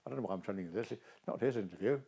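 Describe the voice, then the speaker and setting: A man's voice: fairly low pitch, very fast, gravelly, breathy edge. An older man, an actor, talking in a casual interview and telling stories expressively. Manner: expressive, animated storytelling.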